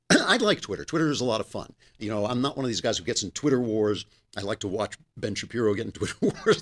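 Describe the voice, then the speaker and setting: A middle-aged man hosting a political commentary show, talking in a sarcastic, animated monologue. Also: husky. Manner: sarcastic, animated, talks with his hands in pitch swings. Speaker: podcast host.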